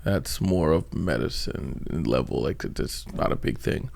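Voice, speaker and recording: A man from Trinidad, a comedian guest, chatting casually, telling animated stories and laughing often. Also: very deep voice, unhurried, gravelly. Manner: animated storyteller, laughs often, breaks into mock voices. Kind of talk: casual interview chat.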